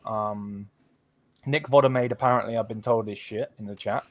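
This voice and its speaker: A man's voice: lowish voice, steady tone, normal speed, dry recording. A man hosting a casual football podcast, rambling with lots of fillers and swearing. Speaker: podcast host.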